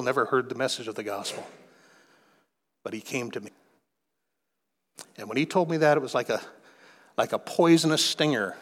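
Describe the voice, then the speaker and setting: A man's voice: a little high, fairly bright tone. A man preaching a sermon, telling a personal testimony and then exhorting his listeners fervently. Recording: long hall reverb.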